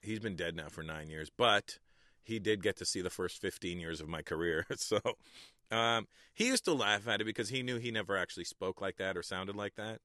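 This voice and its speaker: A man's voice: fairly low pitch, expressive, fairly quick, pushed and bright, dry recording, studio quality. A Canadian man in his forties, a comedian guest in a radio interview, talking in a laid-back, candid and blunt way.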